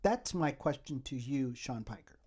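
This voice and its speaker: A man's voice: medium pitch, expressive, moderate pace, darkish tone, slightly rough. Rambling man hosting a commentary podcast. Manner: rambling, repeats "okay?" to the listeners. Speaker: podcast host. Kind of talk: solo political commentary.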